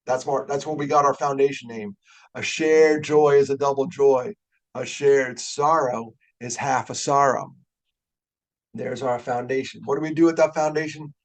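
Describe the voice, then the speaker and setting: Older male keynote speaker, gravelly voice, animated storyteller. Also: medium pitch, moderate pace. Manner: animated, gets fired up. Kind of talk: storytelling talk. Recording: webinar audio.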